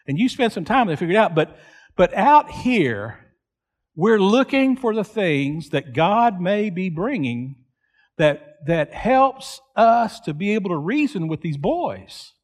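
A man preaching a storytelling sermon, slow and deliberate, repeating phrases for emphasis. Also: high voice, in a large hall.

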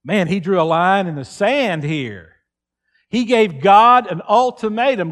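Male pastor in his fifties, high voice, earnest pulpit delivery. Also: lively intonation, a little slow. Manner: earnest preaching, acts out quoted pleas loudly. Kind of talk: sermon. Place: church.

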